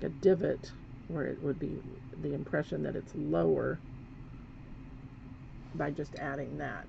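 A woman's voice: deep voice, creaky. A woman giving a live painting demonstration, chatting as she works and correcting herself as she goes. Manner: chatty, talks while working, self-correcting. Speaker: painting instructor. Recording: dull lo-fi sound with faint background noise.

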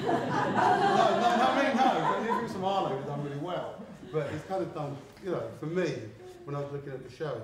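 A man from England in casual gallery talk, rambling, swearing and laughing as he tells stories. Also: fairly high pitch. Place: art gallery, indoors. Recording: very echoey room, mic far off, faint background noise.

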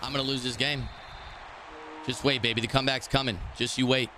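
A man streaming a football video game, commenting live in a brash, excitable, trash-talking way. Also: mid-range voice, brisk, noisy background.

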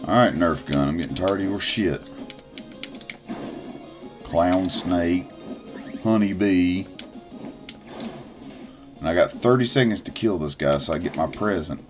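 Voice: low-pitched, animated, measured pace, long pauses, music in the background. A let's player giving gameplay commentary, swearing and grumbling at the game as they go. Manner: profane, grumbling running commentary. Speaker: let's play gamer.

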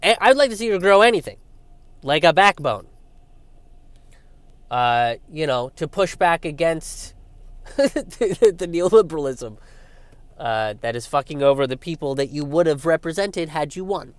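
A man's voice: fairly high pitch, lively intonation, a little slow, long pauses, smooth, dry recording. A young man hosting political commentary, talking in a sarcastic, profane rant and sliding into mocking put-on voices.

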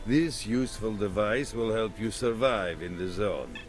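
A man voicing a gruff middle-aged black-market trader in a video game, blunt and businesslike. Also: fairly low pitch, lively intonation, measured pace, soft background music. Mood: instructive.

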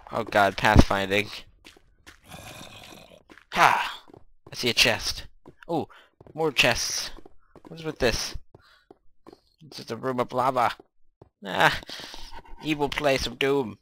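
A man giving excitable live commentary over his own gameplay, chatting to himself and yelping when startled. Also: medium pitch, slow, gravelly, pauses often, slight background noise. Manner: chatty running self-talk. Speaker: video game let's-player.

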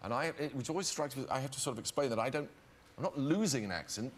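Hesitant English man, lively delivery. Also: mid-range voice, fast talker. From England. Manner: hesitant, self-deprecating, stumbling restarts. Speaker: talk show guest. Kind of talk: anecdote-telling chat. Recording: loud studio audience and noise.

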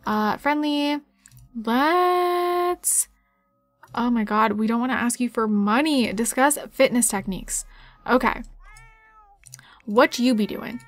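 Woman, gaming commentary, chatty, giggly, fairly high voice, dry close sound. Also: dry recording. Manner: chatty, giggly, addresses viewers directly. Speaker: gaming YouTuber. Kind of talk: casual game commentary.

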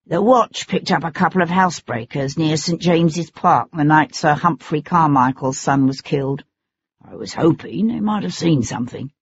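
A narrator voicing an anxious, fussy male magistrate with a high, strained voice, on a dull lo-fi recording. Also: animated, moderate pace, a little hiss or hum, natural voice. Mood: explaining.

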